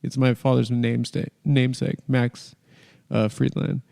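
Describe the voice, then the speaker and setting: A man's voice: medium pitch, fairly even intonation, moderate pace, vocal fry, mellow, in a large hall. A man hosting a casual comedy podcast, telling a rambling, self-interrupting story. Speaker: show host.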